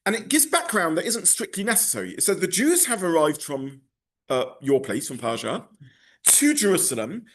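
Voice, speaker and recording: A man leads a text class in a lecture style, his voice sitting somewhat high and swinging through a wide, animated range. He stops often for asides, restarts and corrections as he explains. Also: moderate pace. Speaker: rabbi teaching a text class.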